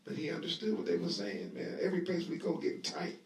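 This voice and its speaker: High-voiced male preacher, echoey room. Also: fairly even intonation, fast, hardly any pauses. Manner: conversational, acts out scenes with voices; leads the audience in call-and-response. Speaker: Bible teacher. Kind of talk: lively sermon-style Bible lesson. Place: room at a live gathering. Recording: echoey live room audio, voice distant.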